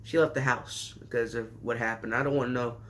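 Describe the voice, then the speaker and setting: A man recapping an anime season in a sarcastic, rambling way, with sudden jumps in pitch. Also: steady tone, a little fast, fairly bright tone. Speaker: anime reviewer.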